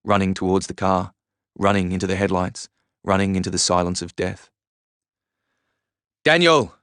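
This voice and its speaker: Low-voiced man narrating a novel. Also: monotone, a little fast, smooth, no echo, studio quality. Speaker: reader. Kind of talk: audiobook narration.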